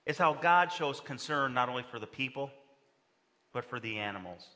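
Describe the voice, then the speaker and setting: A male pastor preaching a sermon, animated, acting out quoted lines with big swings in pitch. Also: moderate pace. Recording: long reverb of a large hall.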